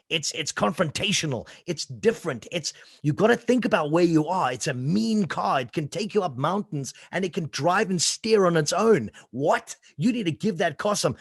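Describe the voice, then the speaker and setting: A man's voice: fairly high pitch, animated, normal speed, slightly rough, no echo, studio quality. An exuberant man with a South African accent, a voice-over coach answering interview questions and acting out sample reads. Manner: exuberant, sings out sounds and demonstrates reads.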